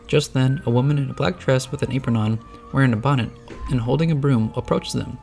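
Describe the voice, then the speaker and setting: A man narrating a novelized story in a steady, descriptive reading. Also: medium pitch, a little fast, gravelly, soft background music.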